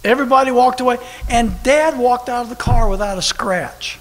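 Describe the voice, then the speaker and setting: A man preaching a sermon at a church service, telling a story with lively, animated delivery that bursts into shouting. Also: very high-pitched, normal speed, faint music behind. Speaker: pastor. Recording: long hall reverb with faint noise.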